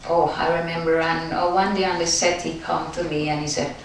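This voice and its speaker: A woman's voice: low voice, little pitch movement, a little fast, creaky, far from the mic, slight background noise. A woman with a Jamaican accent, a guest actress telling stories in a casual interview and acting out the quotes. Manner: storytelling, acts out quotes. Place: TV studio. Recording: echoey studio from off-mic.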